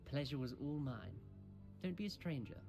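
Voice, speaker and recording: An actor playing a polite, refined young male student in a video game, courteous and measured. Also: medium pitch, very animated, creaky, over music.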